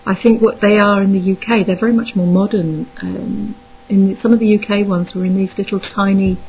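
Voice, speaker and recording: A woman with a Surrey accent, a spiritualist minister speaking calmly and soothingly as a guest on a radio interview. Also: mid-range voice, slightly rough. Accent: Surrey English. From England. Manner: soft, calm, soothing, chuckles often. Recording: dull lo-fi radio call.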